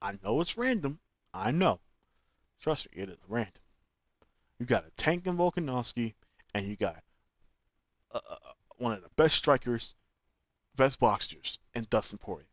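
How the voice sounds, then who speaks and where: A man's voice: mid-range voice, normal speed, pauses often, dry recording, studio quality. Opinionated man in casual fan talk. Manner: opinionated, animated, slangy. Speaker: channel host.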